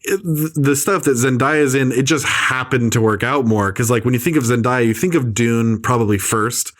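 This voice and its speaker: A man co-hosting a podcast at a middling pitch, chatting casually. He is sarcastic and opinionated and swears freely. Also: normal speed, fairly bright tone. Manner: sarcastic, profane, opinionated banter. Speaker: podcast co-host. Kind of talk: casual chat.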